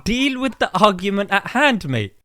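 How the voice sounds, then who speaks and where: A man's voice: high voice, big pitch swings, moderate pace, fairly bright tone, dry recording. A young man in a heated live audio debate who rattles off statistics and keeps saying "mate". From Britain.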